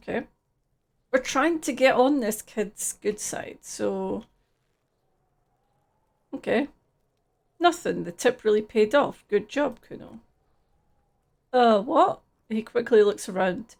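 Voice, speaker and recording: A woman with a gravelly, creaky voice talks through a live gameplay stream. She reads game text aloud in a casual, offhand way. She swears freely between lines. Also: on the high side, animated, slow pace, long pauses.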